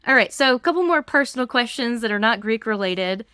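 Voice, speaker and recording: Smooth-voiced woman asking friendly questions. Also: fairly high pitch, a little fast, dry recording, studio quality. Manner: friendly, relaxed questioning with fillers. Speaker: interview host. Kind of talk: casual interview chat.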